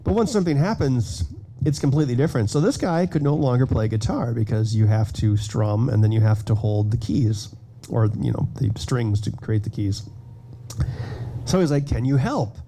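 A man giving a conference keynote in a casual, self-deprecating way, telling animated stories about his builds. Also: medium pitch, moderate pace. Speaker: keynote speaker. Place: conference hall stage.

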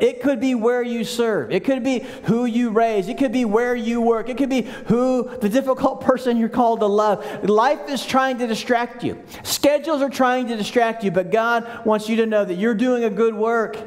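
A man preaching in a big church hall, his fairly high voice ringing with a long reverb. He jumps into the voices of the people he quotes and brings the congregation in to repeat lines back with him. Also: darkish tone. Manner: leads the congregation in call-and-response. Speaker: pastor. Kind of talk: sermon.

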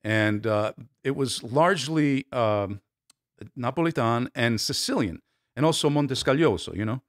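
A man's voice: medium pitch, expressive, normal speed, dry recording. Chatty male actor, dry close sound. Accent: American English. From born in Naples, raised in New Jersey. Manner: chatty, laughs easily, restarts sentences. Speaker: actor guest. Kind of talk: casual interview chat.

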